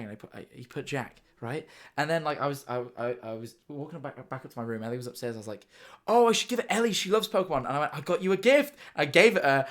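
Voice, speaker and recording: Bright-voiced excitable young male streamer. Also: a little high. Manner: excitable, swearing, rambling with restarts. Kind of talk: casual reaction stream.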